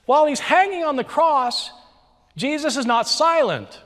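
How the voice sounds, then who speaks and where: A man giving an emphatic, animated opening statement in a formal debate. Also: very high voice, unhurried. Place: lecture hall. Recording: reverberant hall.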